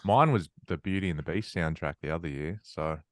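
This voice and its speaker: A very low-voiced man in his thirties, talking in a relaxed, dry-humored way. His voice is close and dry, with no room sound around it. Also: fairly quick, no echo. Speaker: guest, metal musician. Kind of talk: casual chat.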